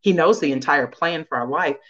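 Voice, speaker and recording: A woman's voice: low voice, a little fast, a bit bright, dull audio. A woman guest in a casual conversation, speaking earnestly about faith and often laughing.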